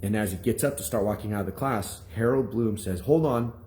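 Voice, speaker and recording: Animated man telling a story. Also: lowish voice, fast talker, a little hiss or hum. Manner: animated storytelling, acts out quoted voices. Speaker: minister. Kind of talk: testimony to viewers.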